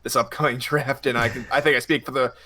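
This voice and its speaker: Bright-voiced eager male panelist. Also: mid-range voice, steady tone, quick pace, slight background noise. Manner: eager, slightly nervous. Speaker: guest panelist. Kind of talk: casual panel chat.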